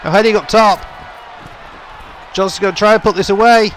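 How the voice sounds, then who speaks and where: Young male gaming YouTuber, slightly high voice, play-by-play caller who gets loud on big moments, faint background hiss. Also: brisk, a faint crowd. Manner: running commentary, rising to excited shouts on big moves. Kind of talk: play-by-play game commentary.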